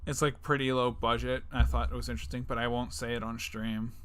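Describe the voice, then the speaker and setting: A man's voice: mid-range voice, little pitch movement, brisk, a bit bright, clear, resonant tone. A young man co-hosting a podcast in casual chat, jokey and rambling, laughing often. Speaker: podcast co-host.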